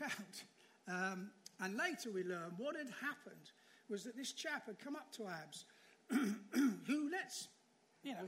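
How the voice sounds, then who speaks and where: A man's voice: sits high, fairly bright tone. A man preaching a sermon in church, telling a story in a conversational way and asking rhetorical questions.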